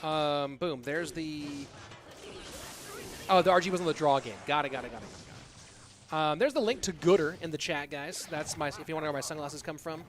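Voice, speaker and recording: A man's voice: a little high, a little fast, slight background noise. A man in his thirties casting a live online game match and chatting casually with his viewers. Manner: casual, chatty, reads donations aloud. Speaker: esports caster and streamer. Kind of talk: live esports commentary and chat.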